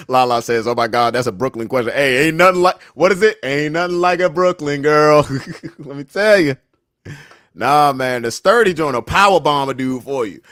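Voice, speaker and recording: A man's voice: a little high, unhurried, fairly bright tone, no echo, studio quality. A man from Washington, D.C. hosting a casual livestream, reading chat comments aloud and laughing often.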